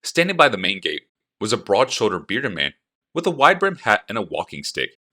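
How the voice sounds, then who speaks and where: A man narrating an audiobook in a low voice with a bright, sharp edge. His delivery is expressive and moves freely up and down in pitch. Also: a little fast. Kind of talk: audiobook reading.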